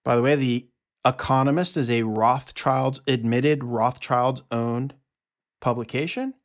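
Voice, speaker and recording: A man hosting a solo audio monologue from his notes, talking in an emphatic, sarcastic way with quick asides. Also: mid-range voice, fairly even intonation. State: out of breath. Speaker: podcast host.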